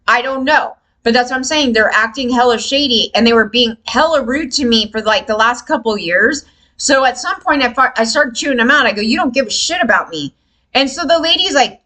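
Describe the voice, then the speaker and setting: A woman vlogger ranting casually to camera, frustrated and animated, swearing freely and mimicking others. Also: on the high side, fairly quick, rough recording.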